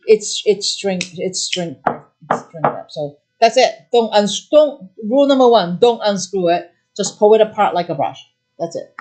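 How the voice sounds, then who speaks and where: In a live craft demo, a middle-aged shop host talks up the items before her with an expressive, medium-pitched, darkish voice. Her eager explanations come out in quick bursts, often drifting into fillers before she starts over.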